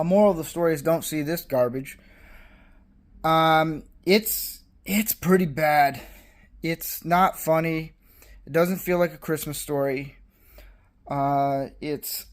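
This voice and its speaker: Casual male reviewer, somewhat high pitch, blunt and dismissive, lots of fillers. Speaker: movie reviewer. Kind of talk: casual spoken movie review.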